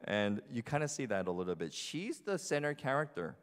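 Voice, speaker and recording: Preaching in a New Jersey church sanctuary, a man with a brisk, mid-range voice and big pitch swings keeps his sermon conversational and chatty, often posing questions to the congregation. The recording carries long hall reverb.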